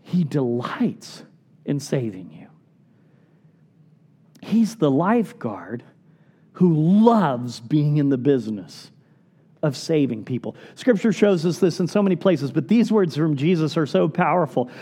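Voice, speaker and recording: Earnest pastor with lively swinging delivery. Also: male voice, a little slow, husky. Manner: earnest, pleading, drops to soft low tones for emphasis. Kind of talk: sermon.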